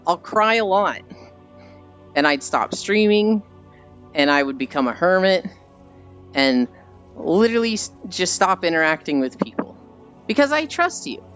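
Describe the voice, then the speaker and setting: Young streamer rambling animated stories to chat, swears a lot, soft music behind, kinda dull audio. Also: medium pitch, unhurried, pauses often. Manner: animated storytelling, swears freely. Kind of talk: casual chat with stream viewers.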